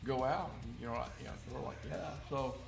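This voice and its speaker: A man in his fifties tells a casual story in a middle-pitched voice, stumbling through restarts and fillers and going higher whenever he quotes someone. The room around him is echoey, with faint music in the background. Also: brisk, vocal fry. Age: 50s. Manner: rambling, many restarts and fillers; quotes others in a raised voice.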